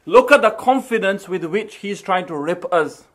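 A man with a high voice hosts a podcast. He talks in a scornful, teasing way and stresses his words. His commentary is mocking. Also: expressive, normal speed, a bit bright. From England. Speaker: host.

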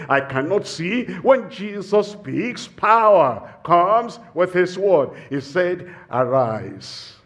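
Male preacher, slightly high voice, slow deliberate sermon delivery with repeated refrains. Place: campus fellowship meeting.

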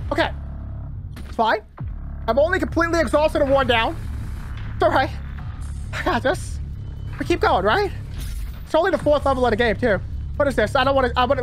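High voiced guy doing excitable gameplay commentary, pitch jumps all over, faint music under him. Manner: excitable, talks to himself, yelps when panicked. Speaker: gaming channel host.

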